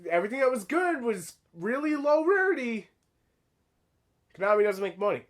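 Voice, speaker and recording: A man talks straight to his viewers in a loose, rambling opinion piece. His voice sits high and swings widely, and he swears casually and stumbles into restarts as he talks. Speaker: channel host.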